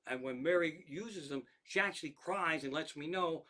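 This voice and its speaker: A man's voice: on the high side, moderate pace, bright, forceful tone. A man who is a comedian, telling rambling, profane stories about his life and cats with lots of restarts and asides. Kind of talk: stand-up style storytelling monologue.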